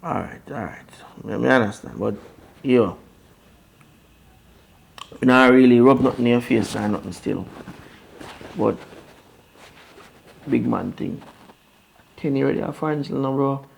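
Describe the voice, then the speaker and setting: A man's voice: medium pitch, a little slow, creaky, pauses often, slightly rough, exaggerated voice. A man with a Jamaican accent playing a man who takes his deported brother in, blunt and frank in a lecturing way. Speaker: actor in a crime drama. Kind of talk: Jamaican Patois film dialogue.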